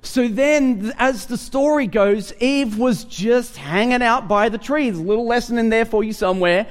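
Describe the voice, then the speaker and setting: A male pastor delivering a sermon in a strikingly high voice. He is animated and playful with his listeners. He often stacks up repeated words before a point lands. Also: normal speed. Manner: animated, humorous, repeats words when starting sentences.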